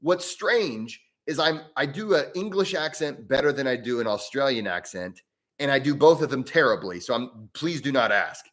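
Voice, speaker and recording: A man hosting a live stream on breathwork, answering viewer mail in a casual, rambling way with many restarts and easy laughs. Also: normal speed. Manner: rambling and chatty, with frequent restarts and self-corrections; animated, with pitch jumping up and down.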